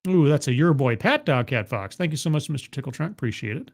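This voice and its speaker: A man's voice: mid-range voice, lively intonation, fast, creaky. A man hosting a livestream, commenting on a video in a sarcastic, incredulous way with frequent stammering restarts. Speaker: livestream host reacting to a video. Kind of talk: casual commentary.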